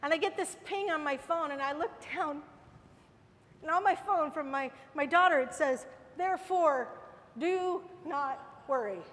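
Middle-aged woman preacher, very high voice, fervent and repetitive, long reverb. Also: unhurried, fairly bright tone. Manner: fervent, repeats phrases with rising force. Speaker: women's Bible teacher. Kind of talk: sermon.

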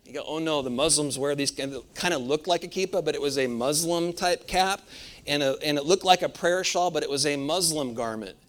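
A man's voice: a little high, fairly quick. A man preaching a sermon, telling a personal anecdote in a folksy way, often asking for an amen. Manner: folksy storytelling with frequent laughs and calls of amen. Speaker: pastor.

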